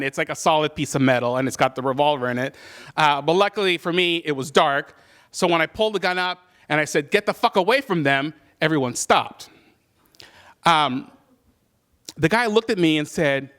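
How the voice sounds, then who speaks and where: A man's voice: on the high side, bright, forceful tone. A man telling a personal story live, conversational and self-deprecating, with many fillers. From California.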